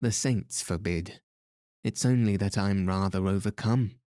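A man's voice: lowish voice, unhurried, dark tone, no room sound, close to an everyday voice. A man reading a teasing, genial priest. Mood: gently teasing. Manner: playful, dry humor. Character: genial, teasing middle-aged male priest.

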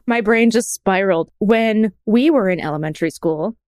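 A young woman co-hosts a podcast in relaxed, casual chat, full of teasing jokes. The sound is dry and close, with no room around it, and her pitch sits mid-range. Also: normal speed, no echo. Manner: playful, teasing banter. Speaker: podcast co-host.

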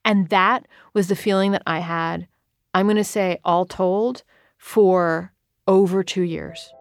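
A woman in her thirties, an author, talking candidly in an interview, earnest and quick with frequent restarts. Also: lowish voice, fairly even intonation, smooth. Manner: earnest, rushed, many restarts and quoted self-talk.

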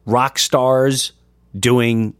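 A man hosting a podcast, chatting casually and excitably about upcoming shows. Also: medium pitch, extremely slow, clear, resonant tone, no echo, clean studio sound. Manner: excitable, animated storytelling. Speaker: podcast host and comedian. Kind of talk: casual chat.

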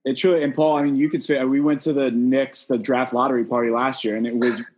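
A man co-hosting a podcast, talking in a halting, casual way with frequent restarts. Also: mid-range voice, little pitch movement, darkish tone. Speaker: podcast co-host. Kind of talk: casual chat.

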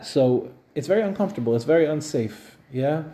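A man's voice: on the high side, expressive, fairly quick, dark tone. A middle-aged man, a rabbi, giving a conversational talk to parents at home, often checking in with his listeners. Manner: conversational, asks the audience "right?". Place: living room of a home.

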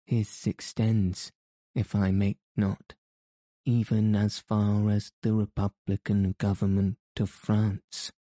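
Gallant, cold aristocrat with a sarcastic edge, read by a man; slow, even delivery. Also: fairly low pitch, no room sound. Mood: coldly gentle. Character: proud restrained English nobleman, gallant.

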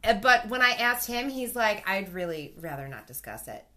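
A woman in her thirties telling a casual story in a chat, animated and swearing, acting out the voices of the people in it. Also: mid-range voice, moderate pace, noisy background.

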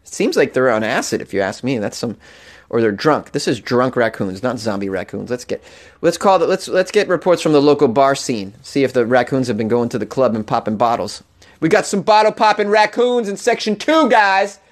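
A man's voice: medium pitch, lively intonation, brisk. A man hosting a comedic weird-news show, reading stories and riffing with laughing asides and mock outrage.

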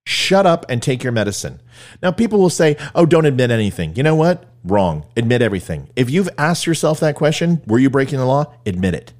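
A man's voice: medium pitch, sing-song, fairly quick, darkish tone. A man giving blunt, emphatic opinion commentary in a lecturing way.

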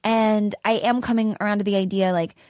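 A woman's voice: mid-range voice, fairly quick, no room sound, studio quality. A young woman chatting casually as a podcast guest, telling a story with lots of acted-out quotes and frequent laughter. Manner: animated storyteller, acts out quotes, laughs often. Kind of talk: casual chat.

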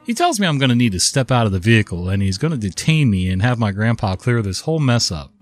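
A man's voice: mid-range voice, big pitch swings, fast, faint music behind. A man in his fifties, worn out from a cold, casually narrating a story in a conversational way. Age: 50s.

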